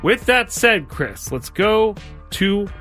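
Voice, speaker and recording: A man's voice: high-pitched, very animated, slow pace, sharp tone, faint music behind. A man co-hosting a sports radio call-in quiz, reading questions to callers with energy and laughing easily. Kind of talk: lively sports radio banter.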